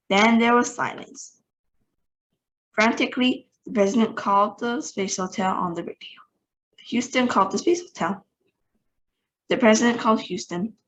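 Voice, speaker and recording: A woman reading a children's book aloud as a storyteller, lively and expressive, giving each character a voice. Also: mid-range voice, poor audio. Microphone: online meeting recording.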